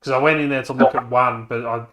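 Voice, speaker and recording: Bright-voiced man telling stories. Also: mid-range voice, fast talker. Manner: animated storytelling, acts out quoted voices. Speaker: co-host. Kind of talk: live-stream chat. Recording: echoey room.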